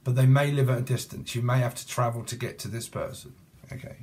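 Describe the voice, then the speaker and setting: A man's voice: medium pitch, fairly even intonation, fast talker, background noise. Rambling jokey British man reading tarot. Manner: jokey, rambling, free-associating, laughs at own jokes. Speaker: tarot reader.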